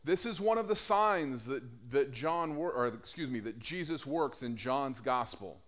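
Lively conversational male preacher. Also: mid-range voice, unhurried. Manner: conversational, asks the congregation questions. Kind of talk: sermon.

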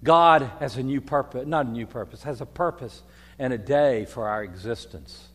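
An older man, preaching a folksy sermon as priest, moving from quiet reflection to loud storytelling. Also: medium pitch, normal speed. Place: church. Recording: long reverb of a church hall.

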